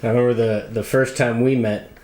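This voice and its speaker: A man hosting a casual interview, agreeable and quick to affirm. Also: medium pitch, little pitch movement, a little mellow, echoey room, slight background noise. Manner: agreeable, constant short affirmations. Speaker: podcast host.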